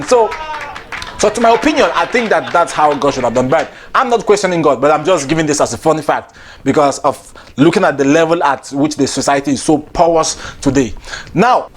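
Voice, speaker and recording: High-voiced Nigerian comedian. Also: male voice. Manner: animated, playful, preachy asides. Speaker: stand-up comedian host. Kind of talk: comic monologue.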